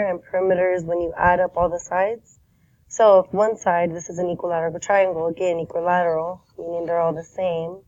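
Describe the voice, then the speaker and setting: A woman with a sick, worn voice teaching a math lesson from a dull lo-fi recording. Her tone is low, mellow and fairly flat. She walks through each step patiently, checking in with "right?" as she goes. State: sick, rough voice.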